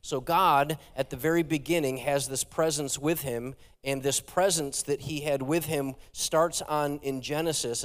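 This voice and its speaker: A man preaching a sermon as a pastor, animated and talking straight to his congregation. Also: mid-range voice. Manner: animated, engages the congregation directly. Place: church sanctuary. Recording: long hall reverb.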